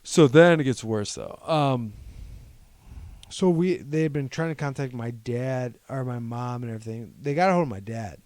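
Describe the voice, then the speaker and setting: A man's voice: medium pitch, normal speed, darkish tone, no room sound. A young man from Ohio co-hosting a podcast, telling a long personal story in a rambling way and quoting what other people said. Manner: rambling, retells events by quoting people's words. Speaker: podcast co-host. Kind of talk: casual chat, personal storytelling.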